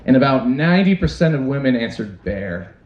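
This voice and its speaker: A man's voice: mid-range voice, big pitch swings, a little fast, darkish tone. A young man doing a stand-up comedy set on a club stage, crude and self-deprecating, talking straight to the crowd. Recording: roomy, dull club recording. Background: audience laughter.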